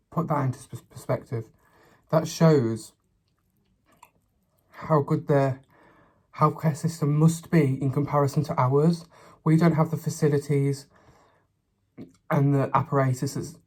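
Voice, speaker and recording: A man's voice: medium pitch, darkish tone, breathy edge. A man, a mukbang vlogger chatting casually and a little sassily while he eats, sometimes talking with his mouth full. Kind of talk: casual chat while eating.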